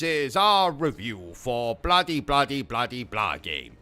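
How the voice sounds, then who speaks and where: A man's voice: mid-range voice, sing-song, a little slow, bright, forceful tone. A British man hosting a gaming livestream, delivering a rambling, sarcastic mock-serious monologue. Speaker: gaming YouTuber host.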